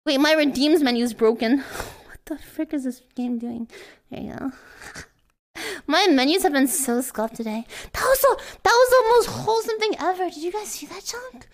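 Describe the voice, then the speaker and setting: Playful high-voiced woman streamer. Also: lively intonation, normal speed. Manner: playful, goofy, breaks into sung noises and silly bits. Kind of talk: casual livestream chat in a virtual world.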